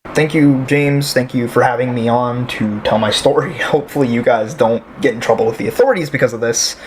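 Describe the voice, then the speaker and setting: A man's voice: medium pitch, brisk, slight background noise, lightly acted. A man playing a quarantined patient who grows uneasy and furious, in an amateur audio drama. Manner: uneasy, then bursts into shouting rage.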